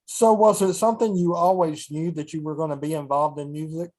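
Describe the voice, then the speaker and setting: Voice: mid-range voice, steady tone, fairly quick, darkish tone. Brief, prompting interviewer. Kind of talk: interview questions.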